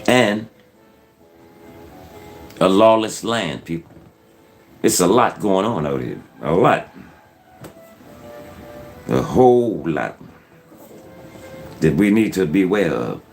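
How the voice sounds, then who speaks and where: Deep-voiced male channel host, earnest warnings, repeats himself a lot. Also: very animated, takes it slowly, long pauses, faint music behind. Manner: earnest, repetitive, keeps saying "folks". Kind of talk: casual preachy commentary.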